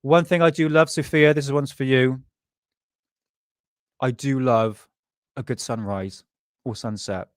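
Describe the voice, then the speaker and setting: Rambling English livestream host. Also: male voice, medium pitch, fairly even intonation, unhurried, long pauses, dry recording, studio quality. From England. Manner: rambling, laughing, talking to chat. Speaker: host of a live UFO show. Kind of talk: casual live-stream chat.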